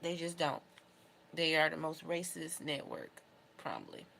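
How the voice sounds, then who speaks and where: A young adult woman speaks casually to camera in a low voice with a gravelly edge. She talks in an emotional, heartfelt, rambling way. A faint background noise sits under the recording. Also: very animated, a little slow, pushed and bright. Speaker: beauty vlogger.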